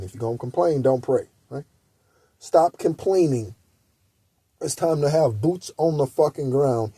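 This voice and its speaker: Blunt, husky-voiced man preaching with profanity. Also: fairly high pitch, dark tone, no room sound. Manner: blunt, preachy, heavy swearing. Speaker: spiritual guidance channel host. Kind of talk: profane motivational monologue.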